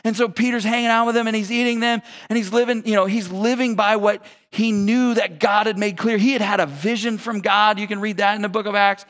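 High-voiced man preaching casually. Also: steady tone, brisk, hardly any pauses, a bit bright, in a large hall. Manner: casual, conversational, slangy preaching. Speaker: pastor. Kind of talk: sermon.

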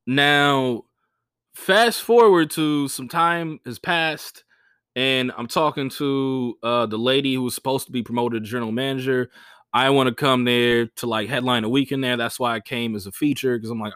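A young adult man, a stand-up comedian, telling gig stories on a podcast in a casual, animated way, swearing freely and acting out the people he quotes. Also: normal speed, smooth, dry recording, studio quality. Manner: animated, swears freely, acts out quoted voices with big pitch jumps.

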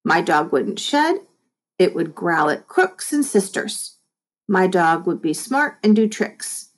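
A woman's voice: on the low side, slow pace. Friendly woman reading a story to kids. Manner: friendly, expressive, addresses kids directly. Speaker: teacher reading a book aloud. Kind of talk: read-aloud storybook narration for children.

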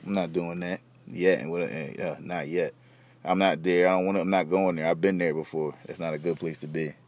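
A man's voice: low-pitched, steady tone, a little fast. A young man hosting a podcast, rambling in loose, slangy, profane casual chat. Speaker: podcast host.

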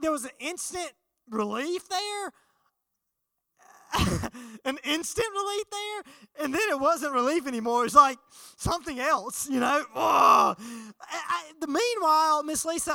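A young man preaching a sermon, telling a childhood story in an animated way and acting out the voices. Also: very high-pitched, dry recording. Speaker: pastor.

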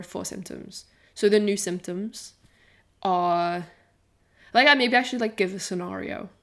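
Woman in her 20s, podcast co-host, candid rambling chat. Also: lowish voice. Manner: candid and rambling, swears, says "like" a lot. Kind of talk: casual chat.

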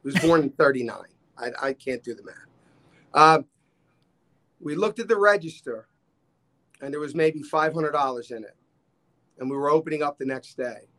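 A man's voice: on the high side, normal speed, pauses often. A man, telling stories as a podcast guest and acting out the people he quotes. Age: 60s. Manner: animated storyteller, acts out quoted dialogue. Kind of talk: casual storytelling chat.

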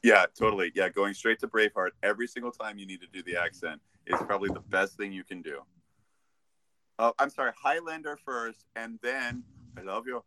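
A man's voice: fairly low pitch, brisk, sharp tone, slight background noise. A man hosting a live podcast, teasing his co-host in playful, casual banter.

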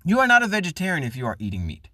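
A man's voice: on the high side, huge pitch swings, racing, no echo, clean studio sound. Profane ranting podcast man. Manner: loud, swearing, mocking. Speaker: podcast host. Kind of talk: profane comedic rant.

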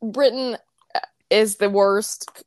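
A woman's voice: mid-range voice, steady tone, takes it slowly, darkish tone, a little hiss or hum. A young woman co-hosting a casual podcast chat, laughing through her words and swearing freely. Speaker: podcast co-host.

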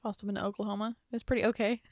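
A young woman co-hosting a casual book chat, animated and quick with jokes. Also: medium pitch, dry recording, clean studio sound. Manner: animated, joking, quick asides. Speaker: podcast co-host.

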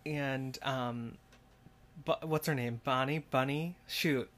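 A man's voice: mid-range voice, fairly even intonation, slow, fairly bright tone. A man co-hosting a casual podcast with his mother, chattily leading an episode recap. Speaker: podcast co-host.

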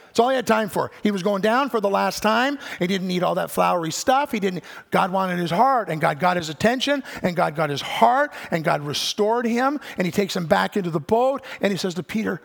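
High, gravelly older man preaching. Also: fast talker. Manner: animated storytelling, acts out quoted voices. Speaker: pastor. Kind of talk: sermon. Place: church sanctuary. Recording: church hall with long reverb.

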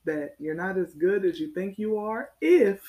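A woman's voice: mid-range voice, animated, normal speed, dull audio. A woman co-hosting a casual chat, mostly agreeing and backing up her partner's points. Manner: agreeing, backs up points with short replies.

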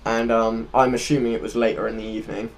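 A man's voice: mid-range voice, little pitch movement, fast talker, gravelly. Earnest rambling man. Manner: earnest, loose and rambling, searching for words. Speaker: podcast co-host. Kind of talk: unscripted conversational storytelling.

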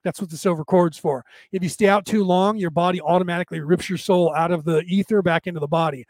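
A man with a fairly high voice talks to his viewers in a casual, rambling way. He keeps checking in with "right?" The sound is dry and close. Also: steady tone, quick pace, hardly any pauses, darkish tone, dry recording. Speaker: spiritual talk host answering viewers. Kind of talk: casual storytelling and explanation.

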